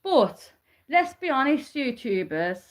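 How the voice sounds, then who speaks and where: A woman's voice: sits high, very animated, slow. A woman ranting to camera in a heated, rambling way, swearing and asking the same questions again and again. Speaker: vlogger.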